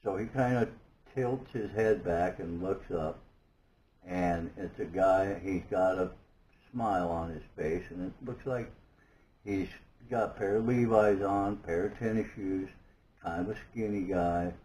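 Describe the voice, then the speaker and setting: A man giving a personal testimony, halting and earnest, searching for words with many restarts. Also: sits low, a little mellow, a little hiss or hum, low-quality recording. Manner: earnest and awed. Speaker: guest telling his story.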